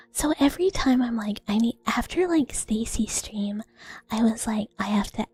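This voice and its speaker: A woman streamer in whispered role-play as a mouse girl, breathy and playfully teasing, close on a binaural mic. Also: fairly high pitch, animated, a little slow. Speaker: ASMR streamer. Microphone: binaural 3Dio microphone.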